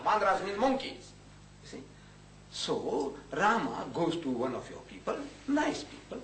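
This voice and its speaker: A man giving a lecture in a mocking, animated way, acting out the people in his stories. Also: high-pitched. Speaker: public lecturer. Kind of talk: lecture with acted-out anecdotes. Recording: echoey hall, distant mic, faint hiss.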